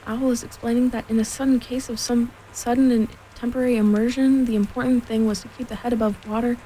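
A woman's voice: a little high, little pitch movement, quick pace, dark tone, a little hiss or hum, low-quality recording. Woman reading a storybook aloud. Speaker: narrator.

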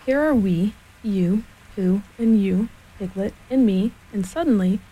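A woman voicing a fussy, bossy male rabbit who speaks slowly and carefully. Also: mid-range voice, dark tone, slightly rough, rough recording. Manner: slow, careful, self-important.

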